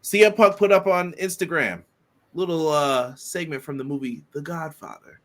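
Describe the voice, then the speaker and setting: A man's voice: a little high, expressive, normal speed, a bit bright. A man co-hosting a wrestling podcast, chatting casually and reading out listener comments. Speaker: podcast co-host.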